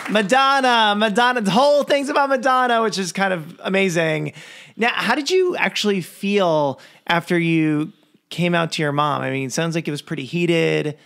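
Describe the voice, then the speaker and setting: A man's voice: high-pitched, normal speed, vocal fry, a bit bright, smooth. A man hosting a podcast interview, asking curious questions and laughing easily. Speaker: podcast host. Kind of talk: casual interview.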